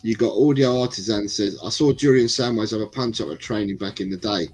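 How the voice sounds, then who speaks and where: A man's voice: fairly low pitch, quick pace, darkish tone, faint music behind, poor audio. A man hosting a casual football livestream, reading chat comments aloud and rambling between them. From England. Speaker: livestream host.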